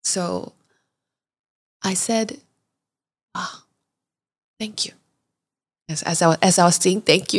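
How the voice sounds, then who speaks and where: A woman's voice: lowish voice, slow pace, pauses often, slightly rough. A young woman, hosting a podcast and telling a candid, confessional story in chatty fashion. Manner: chatty and confessional, often acts out her own reactions. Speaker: podcast host.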